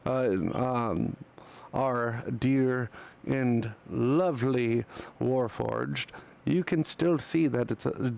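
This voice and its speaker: A man narrating a tabletop game as game master, relaxed and hesitant, with many fillers. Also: mid-range voice, extremely slow, gravelly.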